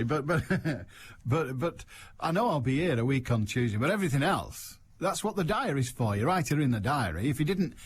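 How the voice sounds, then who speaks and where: A man's voice: mid-range voice, a little hiss or hum. A man hosting a radio call-in show, chatting casually with wry, rambling asides and reading material aloud.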